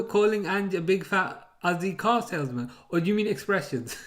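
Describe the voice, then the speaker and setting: A man's voice: sits high, moderate pace. A man hosting a live football watchalong, chatting casually, rambling and chuckling as he reads out chat messages.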